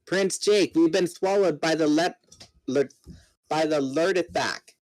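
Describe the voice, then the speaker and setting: A man voicing a formal young male alien warrior who speaks urgently in a lower, measured voice. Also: darkish tone, no room sound, natural voice, rough recording.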